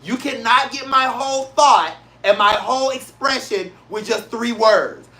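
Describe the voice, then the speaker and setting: A show host from St. Louis rants in a casual, blunt way, hammering his points with repetition. His voice is bright and forward, his delivery emphatic and profane. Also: very high-pitched, measured pace. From St. Louis, Missouri, USA. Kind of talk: casual solo talk-show rant.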